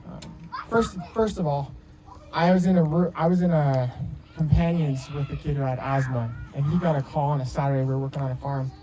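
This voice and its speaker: A man's voice: a little high, steady tone, a little fast, background noise. A young man in his twenties giving a heartfelt wedding speech as the groom, telling stories with many restarts and fillers. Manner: rambling storytelling with many restarts. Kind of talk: emotional personal speech.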